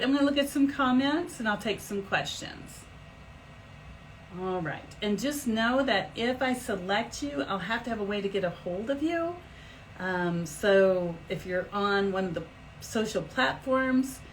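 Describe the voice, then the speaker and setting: A middle-aged woman hosting a live stream as an energy healer, talking in a chatty, animated way with big swoops in pitch. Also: slight background noise, rough recording. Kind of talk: casual live-stream talk.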